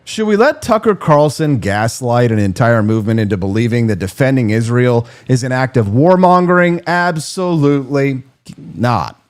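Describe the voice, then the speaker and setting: A man's voice: medium pitch, animated, normal speed. A man in his forties giving a sarcastic, comedic political monologue as a commentator. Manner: sarcastic, mocking.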